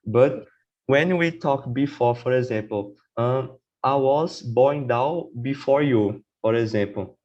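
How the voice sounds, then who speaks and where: Man, podcast guest, slow and halting, keeps checking in with "right?", muffled lo-fi audio. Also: medium pitch, darkish tone. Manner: hesitant, often says "for example" and "right?". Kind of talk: casual podcast conversation about learning English.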